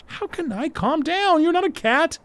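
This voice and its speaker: A man's voice: extremely high pitch, lively intonation, moderate pace, fairly bright tone, no room sound, voice pushed up, full character voice. A man voicing a worried, bossy teenage schoolgirl who scolds in a raised, exasperated voice. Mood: scolding.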